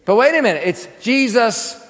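A preacher teaching a class speaks in a very high-pitched, expressive voice at normal speed, slightly bright, with a big-room sound. He teaches scripture in sermon style, quizzing his listeners and then answering his own questions.

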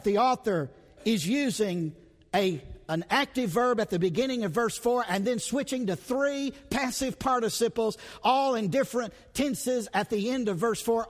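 Animated high-voiced man preaching. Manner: dramatic, emphatic, rhetorical questions. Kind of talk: expository sermon. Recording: long hall reverb.

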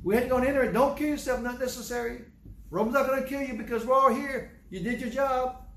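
A man's voice: extremely high pitch, brisk, fairly bright tone, echoey room, pitched above the performer's own voice. A man voicing apostles who urgently and repeatedly reassure a frightened jailer. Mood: urgent reassuring. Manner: urgent, repeated insistent calls.

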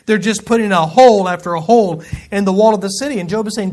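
Man, high-pitched, folksy Bible teacher; casual verse-by-verse study with joking asides. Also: quick pace, hardly any pauses, a little mellow. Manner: folksy, joking asides between scripture readings.

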